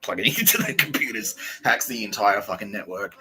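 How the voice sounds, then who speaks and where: A man's voice: fairly low pitch, brisk, bright, forceful tone, rough recording. A man hosting a podcast, rambling through profane casual banter and laughing often. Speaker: podcast host.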